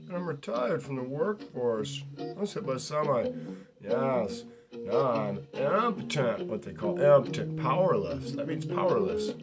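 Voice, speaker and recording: A man rants through his own talk show in a lively, swooping voice, provocative and self-mocking, stretching words and then suddenly getting loud. The recording is dull and lo-fi, with plucked guitar music clearly playing behind him. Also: mid-range voice. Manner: drawn-out words and sudden jumps in loudness. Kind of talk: rambling solo monologue.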